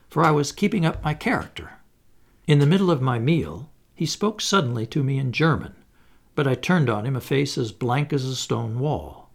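A man narrating an audiobook in a measured storytelling manner. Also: medium pitch, vocal fry.

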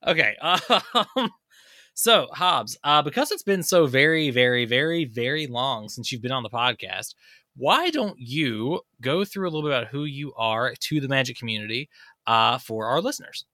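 A man hosting a casual podcast, his voice bright and forceful. He teases his guest and rambles through his questions with plenty of fillers, recorded dry and close. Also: medium pitch, lively intonation, normal speed, dry recording. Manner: teasing, joking, rambling with fillers. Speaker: podcast host.

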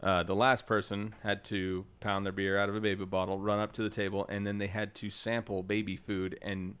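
A man's voice: lowish voice, little pitch movement, brisk, a bit bright, clear, resonant tone. A man telling a casual, crude story among friends on a podcast. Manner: laid-back, crude storyteller. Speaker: podcast co-host.

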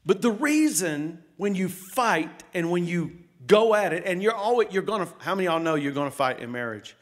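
A middle-aged man preaching as a pastor, telling stories and asking the congregation questions, swinging between loud outbursts and hushed asides. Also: sits high, lively intonation, moderate pace. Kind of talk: sermon.

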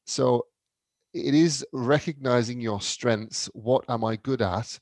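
A man's voice: medium pitch, measured pace, a little mellow, no echo. Wry, jokey man in a dry recording. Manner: wry and jokey, laughs often. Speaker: co-host. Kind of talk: casual chat.

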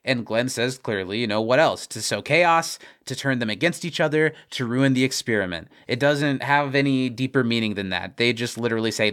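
A man's voice: mid-range voice, fairly quick, hardly any pauses, fairly bright tone. A man co-hosting a podcast, recapping a TV episode in casual chat, laughing often and acting out quoted lines.

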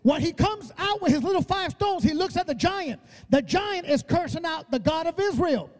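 A man's voice: very high-pitched, expressive, moderate pace, hardly any pauses. A man preaching a sermon with fervent, repetitive exhortation, often adding "uh" before his phrases. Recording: loud music behind the voice.

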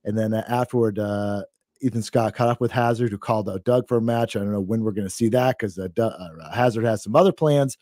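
Mellow-voiced man recapping wrestling. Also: fairly low pitch, a little fast, dry recording, clean studio sound. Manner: relaxed, chatty, many fillers and laughs. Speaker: podcast co-host. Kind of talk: casual wrestling recap chat.

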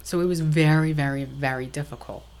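A woman's voice: sits low, steady tone, brisk, darkish tone. A middle-aged woman telling a family story frankly and matter-of-factly as a podcast guest. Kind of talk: casual interview talk.

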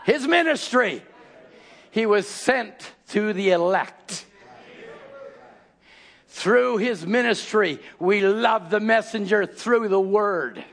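A man preaching a fiery sermon, calling out to his congregation and often rising into shouted exhortation. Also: high-pitched, slow pace, long pauses.

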